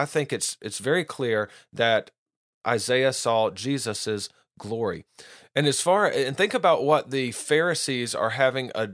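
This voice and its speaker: A man explains scripture in earnest, unscripted teaching and keeps restarting his phrases as he goes. His voice sits at an ordinary middle pitch. The sound is dry and close, with no room echo. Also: fairly bright tone. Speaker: Bible teacher.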